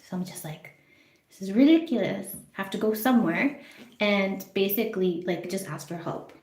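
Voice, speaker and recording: Excited woman telling a rambling story. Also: medium pitch, normal speed, reverberant. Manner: excited, rambling, swears often. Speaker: vlogger. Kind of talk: casual story time, live on social media. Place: public place in a busy mall.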